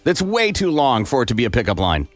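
A male radio host with a voice of everyday pitch takes callers one by one. He keeps things brisk and joking, cutting in when a story runs long. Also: huge pitch swings, no room sound, soft background music. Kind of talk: call-in radio talk.

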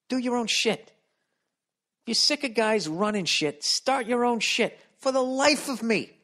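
A profane man in his fifties with a Boston accent, hosting a comedic solo podcast. His pitch swings widely as he reads listener mail and riffs loudly on it, and his voice sits a little higher than usual for a man. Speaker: podcast host.

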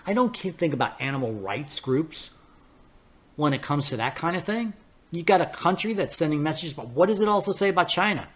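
A man's voice: a little high, expressive, brisk, husky. An older man hosting a political podcast, ranting bluntly in a casual, profane monologue and laughing at his own stories. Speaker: podcast host.

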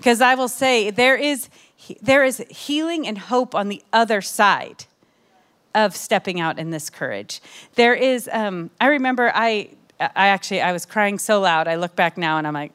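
A young adult woman giving an emotional, animated testimony sermon to a women's church gathering, with many asides to the crowd. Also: medium pitch, moderate pace, clean tone.

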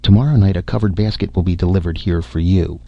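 A man reading the part of a gruff, teasing family doctor with folksy speech, in a deep voice. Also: fast, warm tone, dry recording, dull audio, faint music behind.

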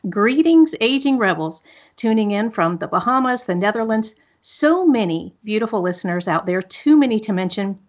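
A woman's voice: mid-range voice, lively intonation, moderate pace, lo-fi sound. A woman hosting a solo podcast at a studio microphone, upbeat, reflective and encouraging as she talks to listeners. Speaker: podcast host.

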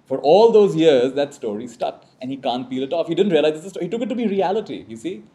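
A man with a mellow, warm tone teaches a live audience in a reflective spiritual talk. He leads call-and-response phrases and keeps checking in with a quick "right?". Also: a little high, animated.

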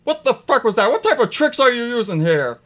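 A man's voice: big pitch swings, brisk, a bit bright, full character voice. A man voicing a panicky, foul-mouthed male gnome who yelps and curses in frantic bursts. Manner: shrill, frantic cursing.

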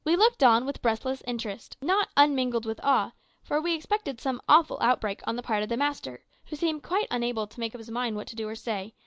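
A woman reading an adventure story aloud in measured narration, raising her voice for the quoted lines. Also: a little high, no room sound. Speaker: audiobook reader. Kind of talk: scripted narration.

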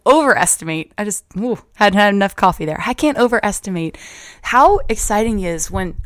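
A woman's voice: medium pitch, no echo. Upbeat woman podcast host, dry close sound. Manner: earnest, upbeat, repeats words when excited. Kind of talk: motivational podcast talk.

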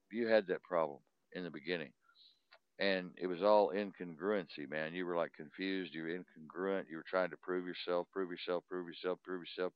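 A man's voice: low voice, no echo. A man co-hosting a live talk stream, rambling and repeating himself, blunt and often profane. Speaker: co-host. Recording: dry, dull lo-fi sound.

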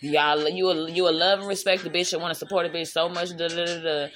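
A woman's voice: fairly low pitch, level tone, quick pace, fairly bright tone. A woman hosting her own show, ranting in a casual, blunt and profane way, preaching at her listeners and stretching some words out for emphasis. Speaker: host. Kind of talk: casual rant to camera.

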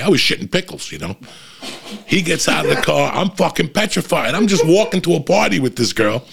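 Sex: man. Style: profane casual storytelling. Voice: heavy gravel, husky. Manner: animated. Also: moderate pace. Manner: animated, swears constantly, jumps in pitch for emphasis.

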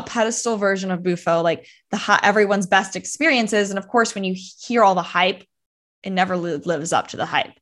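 A woman's voice: mid-range voice, fairly bright tone. A young woman telling a personal story as a podcast guest, talking casually with many fillers and acting out her past thoughts.

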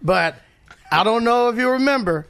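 A man hosts a podcast with a high, bright voice that swings up and down a lot. He chats and laughs easily. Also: expressive, normal speed, vocal fry. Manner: laughing, chatty. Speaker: podcast host. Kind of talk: casual podcast chat.

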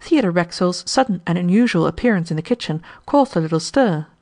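Woman narrating an audiobook, lower-voiced. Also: expressive, quick pace, darkish tone.

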